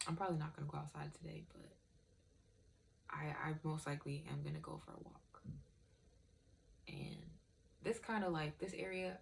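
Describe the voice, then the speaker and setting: A woman's voice: deep voice, vocal fry, a little mellow, a little hiss or hum. A young woman vlogger in casual, candid chat, rambling and swearing freely.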